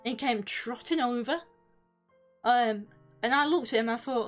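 British woman, high voice, slow unhurried delivery, sweary rambling storyteller, faint music behind. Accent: British English. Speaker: streamer. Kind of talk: casual storytelling on a live stream.

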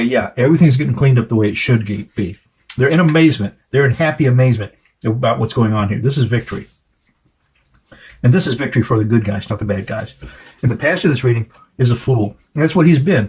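Very husky-voiced man reading tarot. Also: medium pitch. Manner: halting, frequent fillers and restarts; chatty, asks viewers to comment. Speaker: tarot reader. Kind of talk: casual tarot reading to camera.

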